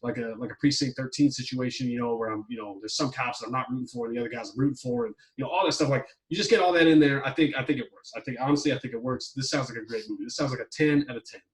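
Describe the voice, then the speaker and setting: A man's voice: medium pitch, racing, hardly any pauses, far from the mic, poor audio. A man chatting casually on a podcast, rambling with lots of fillers like "you know" and "like". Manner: rambling, heavy on fillers, swears when worked up. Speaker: podcast co-host reviewing a movie plot. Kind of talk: casual chat.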